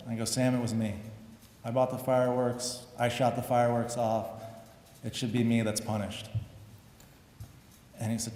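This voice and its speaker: A man in his forties giving a hall of fame acceptance speech at a podium, telling stories and acting out what others said, turning soft and heartfelt. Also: medium pitch, little pitch movement, moderate pace, long pauses. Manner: storytelling, acts out quotes, grows emotional and soft. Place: large hall. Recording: echoey hall, faint background noise.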